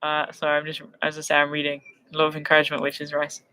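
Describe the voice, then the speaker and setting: A woman's voice: low-pitched, monotone, racing, sharp tone. A young woman hosting a casual live stream, reading viewer questions and chatting with frequent laughs. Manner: chatty, self-deprecating, laughs often.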